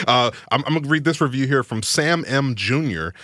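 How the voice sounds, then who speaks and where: A man's voice: medium pitch, animated, moderate pace, bright, forceful tone, no room sound, clean studio sound. A man, the show's producer, chatting in an easygoing, upbeat way. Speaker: podcast producer. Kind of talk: casual podcast chat.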